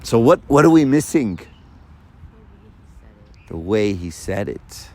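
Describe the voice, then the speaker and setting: A man giving a sermon to a live audience, lively and full of rhetorical questions. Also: lowish voice, slow. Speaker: preacher.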